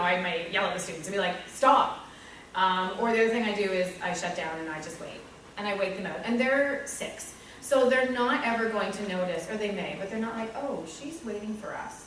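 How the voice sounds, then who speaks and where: A woman's voice: mid-range voice, slight background noise. A woman teacher talking candidly to fellow teachers about her classroom, acting out children's voices and her own. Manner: chatty, candid, acts out kids and herself. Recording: echoey room from far off.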